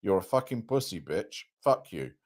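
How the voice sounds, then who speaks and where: A man reading aloud and acting out a furious man yelling abusive insults at a police officer. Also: low-pitched, big pitch swings, exaggerated voice. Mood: enraged. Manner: shouting, abusive, rapid-fire insults.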